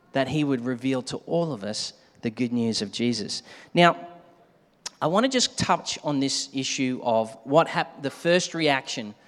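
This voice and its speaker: Male preacher, mid-pitched, animated, shouts and hushes for effect, long hall reverb. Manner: animated, shouts to act out a scare, drops to a hush for the night scene. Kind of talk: sermon.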